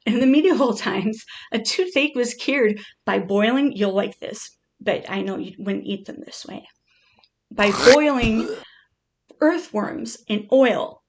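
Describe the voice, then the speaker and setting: A woman's voice: mid-range voice, takes it slowly, a little hiss or hum. A woman chatting playfully to her pet, reading out odd facts in a casual, joking way.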